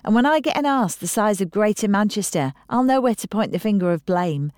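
A woman reading an audiobook voices a cheeky seventeen-year-old girl, teasing and quick-witted. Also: mid-range voice, expressive, a little mellow, no echo, studio quality, voice pushed up, close to an everyday voice.

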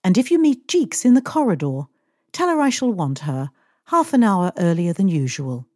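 A woman's voice: on the low side, big pitch swings, moderate pace, a little mellow, no echo, studio quality. A woman reading aloud, voicing a languid, fussy wealthy middle-aged lady who complains and gives orders to her employee. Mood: languid, complaining. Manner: languid and complaining, a little imperious.

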